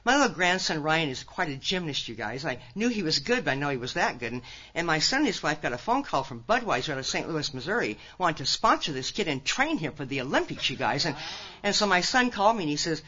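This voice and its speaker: Her voice is low-pitched and sing-song, fast, sharp in tone and edged with breathiness. An older woman from Nebraska, USA, she tells her story folksily at a recovery conference, peppering it with punchy asides to the crowd, in a dull lo-fi recording.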